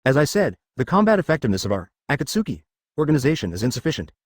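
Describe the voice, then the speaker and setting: Male reader as a scheming ninja boss, blunt and persuasive, brisk with an animated line. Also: medium pitch, dry recording, studio quality.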